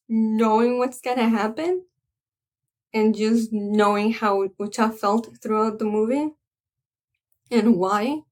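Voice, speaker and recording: Woman reviewer, higher-pitched, unhurried delivery, earnest and halting, searching for words. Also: a little mellow. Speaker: anime reviewer. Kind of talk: casual spoken film review.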